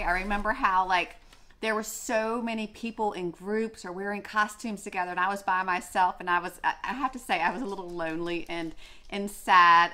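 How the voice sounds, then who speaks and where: Bright-voiced chatty woman. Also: medium pitch. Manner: chatty, gushing, many fillers and restarts. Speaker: running vlogger. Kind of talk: casual chat.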